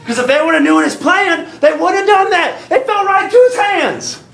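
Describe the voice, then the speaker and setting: A man preaching in a church, with a high, gravelly voice and a folksy, animated delivery. The room is echoey, and the congregation answers him with amens. He keeps slipping into little acted-out voices to drive his points home. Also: moderate pace. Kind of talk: sermon. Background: congregation calling out amens.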